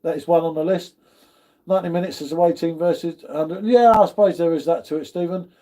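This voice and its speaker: Speaking fast in a mellow, fairly high voice, this UK livestream host greets viewers in a chatty way. He reads out their comments and addresses everyone as "mate."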